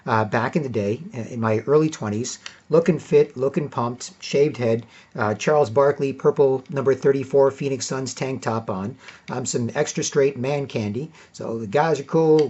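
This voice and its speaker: A man's voice: medium pitch, a little mellow, slightly rough. A man delivering a rambling, profane monologue, acting out the exchanges he quotes. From Canada. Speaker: commentator. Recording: dull lo-fi recording.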